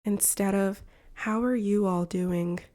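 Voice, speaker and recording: A woman from the United States, an English teacher reading a shadowing lesson in slow, carefully separated phrases. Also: medium pitch, steady tone, warm tone. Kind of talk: slow shadowing practice narration.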